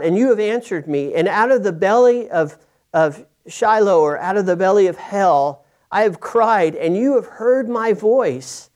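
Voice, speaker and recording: High-voiced man preaching a story sermon. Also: a little mellow. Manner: conversational storytelling with many restarts, acting out characters' lines.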